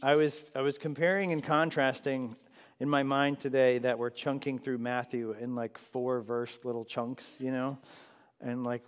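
A man leads a Bible study for a room of listeners, talking loosely and laughing often as he goes. His voice has a medium pitch and carries a long hall echo. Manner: chatty, laughs often, asks the room "right?". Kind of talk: casual classroom teaching. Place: large room with a group of listeners.

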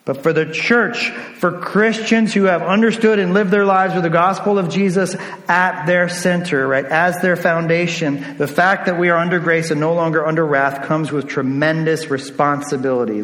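A man's voice: on the high side, moderate pace, a bit bright. A man preaching a sermon as a pastor, earnest, often checking in with "right?". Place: church sanctuary. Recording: echoey reverberant church hall.

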